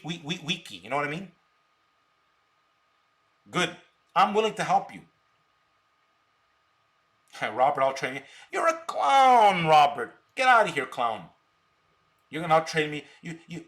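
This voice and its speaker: A man with a somewhat high voice rants to his live stream viewers. He sounds combative, and he stammers by repeating words over and over as he pushes his points. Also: a bit bright. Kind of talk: unscripted live stream talk.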